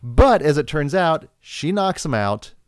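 A man's voice: a little high, unhurried, smooth, dry recording, studio quality. A man co-hosting a casual film review chat, enthusiastic and reflective. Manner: enthusiastic, reflective, lively intonation. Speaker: podcast co-host.

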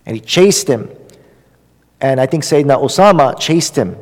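A man's voice: mid-range voice, lively intonation, moderate pace, big-room sound. A man giving an Islamic religious lesson in a conversational way, with many fillers and repetition for emphasis. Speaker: religious lecturer.

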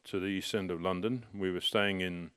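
A middle-aged man telling a personal story in a casual, anecdotal way, animated and full of restarts. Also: deep voice, moderate pace, clean tone. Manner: animated, with restarts and bursts of excitement. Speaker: storyteller recounting personal experience.

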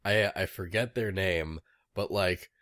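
A man's voice: low voice, unhurried, a bit bright, no echo, clean studio sound. A man chatting casually about a video game, rambling with many fillers and enthusiasm.

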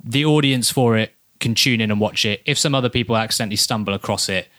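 A man's voice: fairly low pitch, fast talker, a bit bright, no room sound. A man from Guernsey on a podcast, giving blunt, dry criticism of a film in casual chat. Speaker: podcast co-host.

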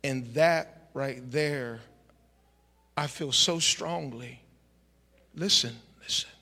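A male pastor preaching a fiery sermon in a church, shouting with exclamations. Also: medium pitch, slow pace, gravelly, big-room sound. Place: church sanctuary.

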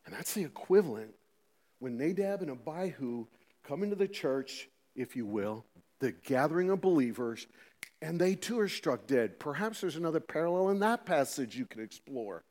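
A middle-aged man preaching a sermon as pastor, animated, swinging between loud emphasis and quiet asides, with many rhetorical questions. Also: medium pitch, moderate pace. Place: church sanctuary. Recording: long reverb of a church hall.

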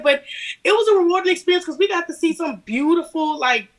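Young Southern woman, interview guest, bubbly and laughing, higher bright voice. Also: a little fast, low-quality recording. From Alabama. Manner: lively, laughing storyteller. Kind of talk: casual interview chat.

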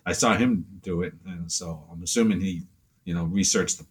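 This pastel artist, appearing as an interview guest, has a low-sitting, slightly rough male voice at a normal speed. He talks casually and wanders through anecdotes, leaning on lots of fillers and performing other people's quotes as he goes.

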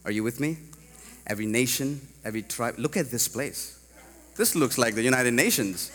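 A man from India preaching a sermon to a congregation, animated and rising to loud emphatic peaks. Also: mid-range voice, moderate pace, big-room sound, slight background noise. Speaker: pastor. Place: large church hall.

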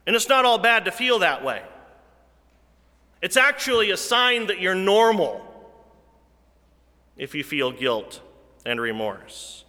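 A male preacher delivers his sermon at a very slow, deliberate pace. His voice is bright and sits a little high. It swells and sinks to near-whispers inside a big, reverberant sanctuary. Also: sing-song. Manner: slow, deliberate preaching that swells louder then drops to a hush.

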